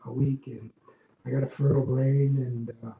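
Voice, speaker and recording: A man's voice: medium pitch, little pitch movement, moderate pace. An older man from Long Island, a former arena executive, telling rambling stories as an interview guest, full of ums and restarts. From Long Island, New York. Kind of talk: casual interview storytelling. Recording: dull, roomy podcast audio with faint noise.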